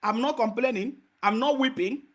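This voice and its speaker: A man's voice: extremely high pitch, moderate pace, slight background noise. A Nigerian man in a heated argument, lecturing insistently and repeating himself. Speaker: debater in a live online chat.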